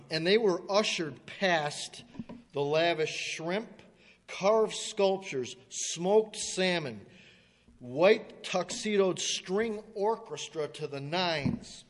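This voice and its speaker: Man, preacher, telling a story, folksy and halting, clears throat, slightly high voice, long hall reverb. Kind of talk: sermon illustration storytelling.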